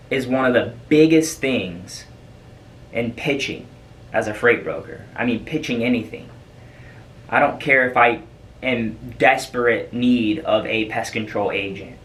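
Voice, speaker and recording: A man's voice: mid-range voice, a bit bright, recorded from a distance, a little hiss or hum, poor audio. A man talking casually as a sales trainer, loose and chatty with many fillers and repeats. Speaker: freight broker trainer. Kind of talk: casual coaching monologue.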